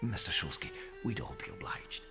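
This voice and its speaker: An actor playing a calm male teacher trying to settle a quarrel. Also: low voice, normal speed, music in the background. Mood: placating.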